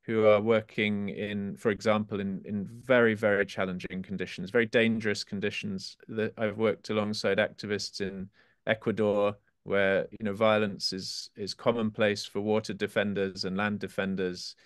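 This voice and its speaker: Low-voiced author, halting. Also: male voice, level tone, smooth, no echo, studio quality. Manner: halting, many restarts, reads poems slowly. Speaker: author guest. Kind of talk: interview and poetry reading.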